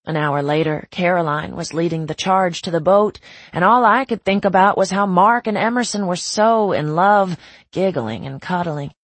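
A woman narrating a first-person novel in a reflective, measured way with a husky, creaky voice. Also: fairly low pitch, dry recording. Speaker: audiobook narrator.

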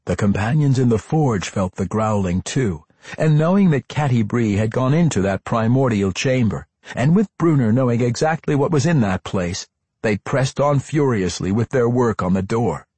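A man narrating a fantasy audiobook in an expressive, dramatic reading with character voices. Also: mid-range voice, moderate pace, breathy edge, dry recording.

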